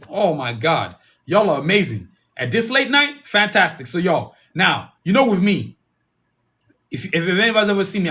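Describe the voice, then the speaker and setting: A man's voice: high voice, a bit bright. A man hosting a solo podcast in a casual, rambling way, repeating himself and calling out to the listeners. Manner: rambling, repeats himself, calls the audience "y'all". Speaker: podcast host.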